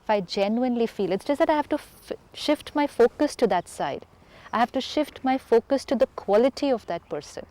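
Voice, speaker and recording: An Indian woman speaks as a spiritual teacher in a talk-show conversation, with a warm, mellow voice. She explains things earnestly and patiently and leans on repeated phrases to drive her points home. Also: a little high, lively intonation, a little fast. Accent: Indian English.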